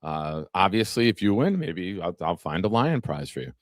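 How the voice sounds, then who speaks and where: A man's voice: low-pitched, sing-song, moderate pace, no echo, studio quality. A man hosting a casual live-streamed sports talk show, chatting with viewers by name and reading from an article. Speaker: podcast host.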